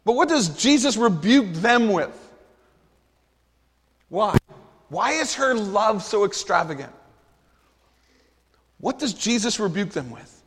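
A man's voice: high-pitched, big pitch swings, takes it slowly, long pauses, a bit bright, breathy edge. A man preaching a sermon as pastor, earnest and emphatic, asking the congregation rhetorical questions. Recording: long hall reverb.

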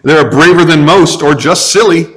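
A man's voice: fairly high pitch, normal speed, fairly bright tone, close to an everyday voice. A man voicing a motherly female talking beaver from a storybook, calling a girl dearie, as he reads aloud in a large echoing hall. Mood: knowing.

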